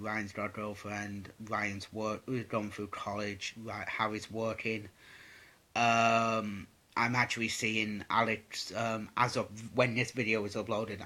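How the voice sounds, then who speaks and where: Sweary, rambling young Englishman, bright voice. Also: fairly low pitch. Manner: rambling, sweary, many fillers. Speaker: vlogger answering viewer questions. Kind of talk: casual Q&A vlog.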